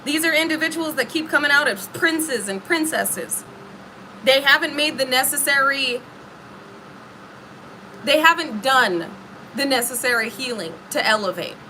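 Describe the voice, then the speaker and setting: A woman's voice: high-pitched, unhurried, pauses often, bright, forceful tone, slight background noise, poor audio. A woman giving an emphatic, slangy tarot reading directly to her viewers. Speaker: tarot reader.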